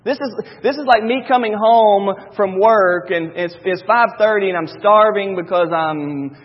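A man preaches to his congregation from the pulpit, driving points home by repeating them. His voice sits high and a little husky. The recording is dull and rings with the long reverb of a big church hall. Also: a little slow. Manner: repetitive, emphatic preaching with homely asides. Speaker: pastor. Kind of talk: sermon. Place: church sanctuary.

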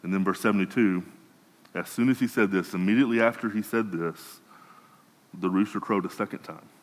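A man's voice: on the low side, a little fast, in a large hall, poor audio. A man preaching a sermon in a conversational way, often restarting and repeating words. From United States.

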